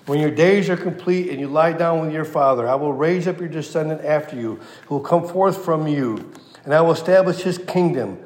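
A man preaching a sermon, quoting scripture with passion and dropping to a hush at key lines. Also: a little high, fairly quick. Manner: impassioned, swings from loud to hushed. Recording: echoey room.

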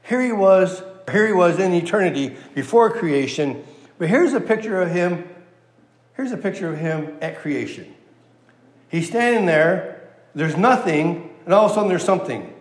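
A man preaching an expository sermon, slow and emphatic, repeating key phrases and asking his listeners questions. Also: sits high, expressive. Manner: asks the audience rhetorical questions. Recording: roomy hall with long echo.

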